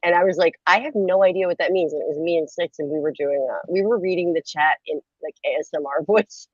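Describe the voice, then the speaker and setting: A woman's voice: sits low, fast, darkish tone, dry recording, dull audio. A woman hosting a late-night livestream, chatting playfully, giggling and rambling. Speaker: livestream host. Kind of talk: casual late-night stream chat.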